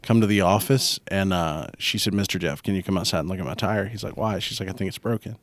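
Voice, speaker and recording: A man co-hosting a podcast in casual chat, teasing his co-host with quiet, dry remarks. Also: low voice, quick pace, no echo.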